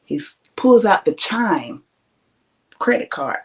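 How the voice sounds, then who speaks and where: A woman hosting a podcast, telling a story in a casual, animated and profane way, laughing often. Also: mid-range voice, slow pace. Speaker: podcast host.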